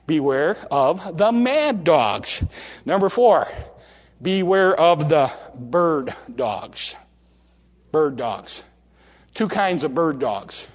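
A man preaching a sermon from the pulpit in a folksy, animated way, often restarting phrases and slowing down for drama. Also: sits high. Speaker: pastor. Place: church sanctuary. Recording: long reverb of a large hall.

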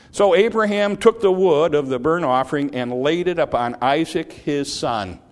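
Earnest preacher man. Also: medium pitch. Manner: earnest, repeats phrases, voice climbs on emphasis. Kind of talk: sermon, Bible teaching.

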